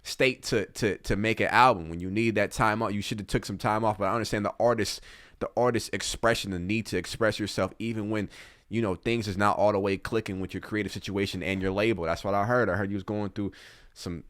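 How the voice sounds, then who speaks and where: A man with a fairly low voice talks through a music reaction in loose, slangy commentary. He is earnest and often addresses the artist directly. The sound is dry and close, with little room. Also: steady tone, a little fast, a bit bright, no room sound.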